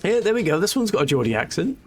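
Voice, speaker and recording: A man's voice: high voice, very animated, fast talker, a little mellow, slight background noise. A man chatting casually and joking while live-streaming a video game, laughing often.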